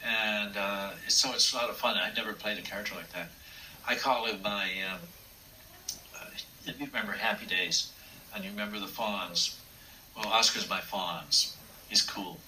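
Older puppeteer guy telling stories, lowish voice, kinda far from the mic. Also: fairly even intonation, moderate pace. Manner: warm, anecdotal, acts out quotes. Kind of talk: reminiscing interview storytelling. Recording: distant mic with faint room noise.

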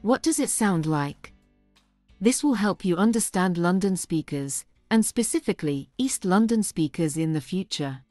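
Woman, host, clear upbeat delivery, dry close sound. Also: fairly low pitch, animated, moderate pace, darkish tone, dry recording, soft background music. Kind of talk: scripted presenting.

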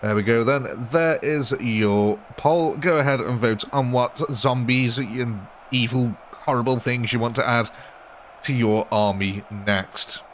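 A man's voice: mid-range voice, measured pace. A British man hosting a live gaming stream, with an easy, mid-height voice and faint hiss in the background. He chats and jokes with his viewers as the battle plays out. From Britain. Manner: jokey, chatty, replies to chat. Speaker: livestream host.

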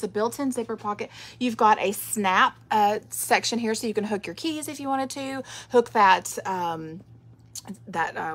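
A woman's voice: medium pitch, fairly bright tone. A woman, chatting casually in a product vlog, rambling with fillers. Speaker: direct sales director.

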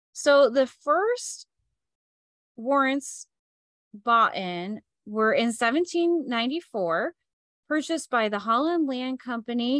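A woman's voice: fairly high pitch, fairly bright tone, no room sound. Upbeat woman hosting a library session. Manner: upbeat, welcoming host. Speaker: teen services librarian and host.

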